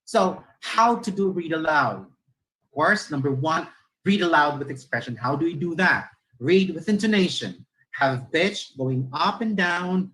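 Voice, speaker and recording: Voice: mid-range voice, fairly bright tone, low-quality recording. A teacher with a Filipino accent giving a lecture-style talk on literacy, explaining points and checking in with listeners. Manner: demonstrates intonation by reading lines aloud.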